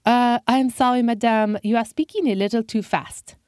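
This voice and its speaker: A man's voice: extremely high pitch, steady tone, normal speed, darkish tone, dry recording, clean studio sound, pitched above the performer's own voice. A woman voicing a courteous, earnest French man with a French accent and formal phrasing. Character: polite, earnest French man, a good Samaritan.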